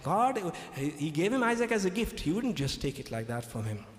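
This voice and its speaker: A man preaches a sermon in a fairly high voice, repeating his key lines for emphasis and pausing to check that his listeners follow. His voice rings around an echoey hall with a long, lingering reverb. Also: sing-song. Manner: emphatic, repetitive, checks in with "okay?".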